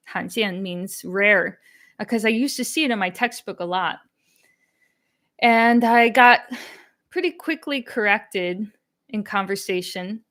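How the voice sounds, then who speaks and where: This young woman's voice is fairly high and a bit bright, and she talks at a measured pace while hosting her language-learning live stream. She chats casually, replies to comments, laughs often, speaks candidly, and works Chinese phrases in.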